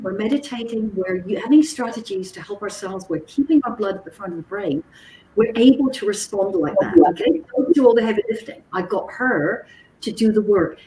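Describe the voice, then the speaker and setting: A woman and psychologist giving an animated workshop talk, checking in with her listeners and acting out conversations. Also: mid-range voice, far from the mic. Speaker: psychologist and communications trainer. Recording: roomy echo with faint background noise.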